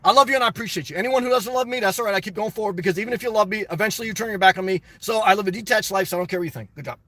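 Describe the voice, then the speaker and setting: A man's voice: high voice, racing, bright, forceful tone, dry recording, distant mic. A middle-aged man hosting a casual live stream, answering chat in a blunt, opinionated, rambling way.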